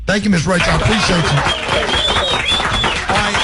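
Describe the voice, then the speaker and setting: A man's voice: high-pitched, normal speed, long pauses, heavy background noise. A man hosting a morning radio show. He talks casually, stalling on fillers and restarts while he interviews a guest and takes calls.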